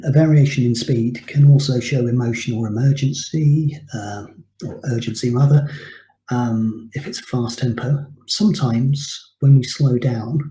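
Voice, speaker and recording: A man's voice: mid-range voice, mellow. A man teaching a recorded English lesson, explaining terms patiently with frequent ums. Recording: echoey room.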